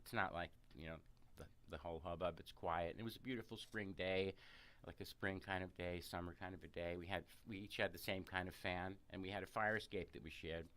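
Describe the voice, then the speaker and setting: Radio guest, New man, lowish voice, lively storyteller. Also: brisk. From New York City. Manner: animated storyteller, many fillers and restarts. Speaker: massage therapist, interview guest. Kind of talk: personal storytelling in a radio interview. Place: radio studio. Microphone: studio microphone, close.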